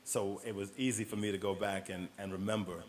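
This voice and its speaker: Relaxed man from New York. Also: fairly low pitch, a little fast. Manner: relaxed, storytelling, laughs easily. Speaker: guest. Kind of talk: casual interview conversation.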